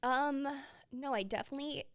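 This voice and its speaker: A woman's voice: high-pitched, moderate pace, a bit bright. A young woman hosting a podcast, candidly telling a personal story with many filler words and open emotion. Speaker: podcast host.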